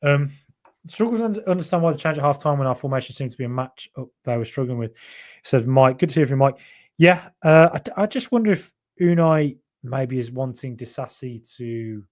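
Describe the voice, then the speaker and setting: A man hosting a football podcast in a casual live-stream chat, talking in an animated way and reading out viewer comments. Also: mid-range voice, fairly quick. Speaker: podcast host.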